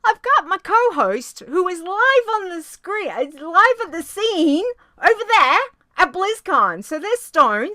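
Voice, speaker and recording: A bubbly woman hosting a podcast in casual chat, her voice bright and ringing and her pitch leaping around. The sound is close and dry with no room echo. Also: very animated, unhurried. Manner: bubbly and chatty, with cheery exclamations and restarts. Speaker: podcast host.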